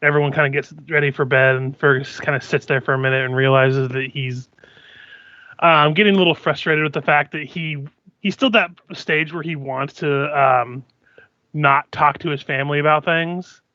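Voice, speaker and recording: A man's voice: fairly high pitch, fairly even intonation, normal speed, bright, forceful tone, no echo. A man playing a tabletop role-playing game, describing his character's actions with many fillers, on dull lo-fi audio. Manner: rambling, filler-heavy describing. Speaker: player.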